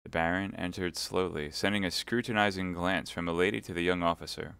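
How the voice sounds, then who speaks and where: A man reading a classic novel aloud live, in a measured, expressive way. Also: low-pitched, vocal fry, clean tone, no room sound, clean studio sound. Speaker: audiobook reader.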